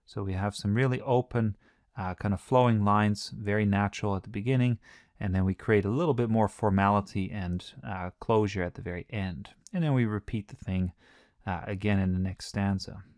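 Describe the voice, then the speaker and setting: A man with a fairly low voice explains a poem in an easygoing, chatty teaching manner, with filler words here and there. The sound is dry and close, with no room around it. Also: moderate pace, no room sound. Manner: relaxed, conversational, frequent "uh" fillers. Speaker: literature teacher. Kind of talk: explanatory lesson.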